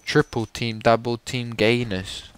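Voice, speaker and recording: A man's voice: medium pitch, steady tone, unhurried, clear, resonant tone. A young man giving sarcastic, profane commentary while playing a shooter game. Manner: sarcastic, swearing, frustrated. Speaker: gameplay commentator. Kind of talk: casual profane gameplay commentary.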